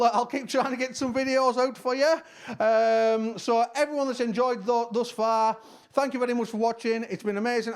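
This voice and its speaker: A man with a Cumbrian accent, chatting casually as he reads out shout-outs, rambling and using broad dialect words, his voice a bit worn. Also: very high-pitched, smooth. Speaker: musician giving shout-outs. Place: at home.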